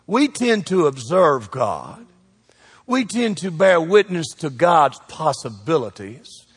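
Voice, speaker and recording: Pastor, man, lively joking preacher who quizzes the crowd, higher-pitched voice, long hall echo. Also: slightly rough. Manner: preachy and joking, quick shifts in loudness, call-and-response questions. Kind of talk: sermon.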